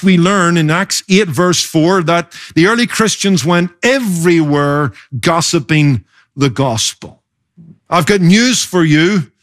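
A man preaching a sermon as pastor, emphatic, slowing down and speeding up to stress his points. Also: sits high, a bit bright. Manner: emphatic preaching with varied pace.

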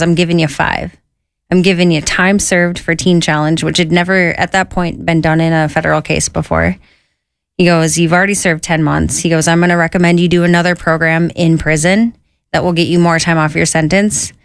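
A woman with a somewhat low voice tells her own story in a relaxed, conversational way. She slips into lively quoted voices for the people in her tale. The sound is close and dry. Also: gravelly, clean tone, dry recording. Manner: lively, quotes herself and others in an animated voice. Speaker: guest sharing her testimony.

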